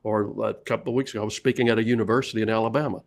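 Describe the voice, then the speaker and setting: A man's voice: fairly low pitch, steady tone, racing. A middle-aged man with a Southern US accent, a sales coach telling stories in a casual interview, laughing often. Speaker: sales leadership coach and guest.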